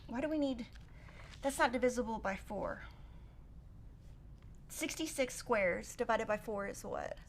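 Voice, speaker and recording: A woman's voice: on the high side, unhurried, long pauses, a little hiss or hum. A middle-aged woman hosting a quilting livestream, chatting and telling stories while she cuts fabric and thinks aloud through the math. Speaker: quilting show host. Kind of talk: casual chat while cutting fabric.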